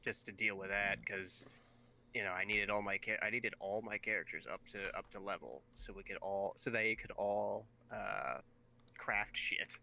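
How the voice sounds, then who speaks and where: Man, podcast co-host, halting casual talk, bright timbre, faint noise. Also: lowish voice, vocal fry, low-quality recording. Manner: halting, trailing off, many fillers. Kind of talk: casual gaming chat.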